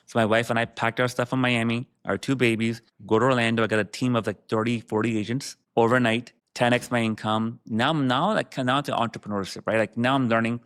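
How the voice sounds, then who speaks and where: A man's voice: medium pitch, steady tone, a little fast, hardly any pauses, fairly bright tone, clean tone. A man, a business founder and guest, telling his personal story in an interview with emotion, often restarting his sentences.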